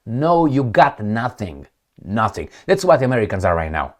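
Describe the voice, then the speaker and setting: A middle-aged Romanian political commentator with a Romanian accent records a casual vlog at home with his cat, full of sarcastic, digressive remarks. His voice is fairly low and very animated, delivered at a moderate pace.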